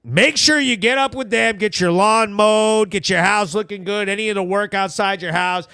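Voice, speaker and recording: A man hosting a local news recap show in loud, slangy, profane casual commentary with sponsor shout-outs. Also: high-pitched, moderate pace, smooth, no echo. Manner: hyped, profane, slangy, emphatic.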